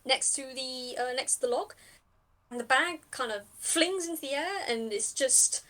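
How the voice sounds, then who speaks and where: A woman's voice: high voice, lively intonation, moderate pace, sharp tone. Chatty woman running a game. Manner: chatty, thinks aloud, many fillers. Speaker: game master. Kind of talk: narrating a tabletop game.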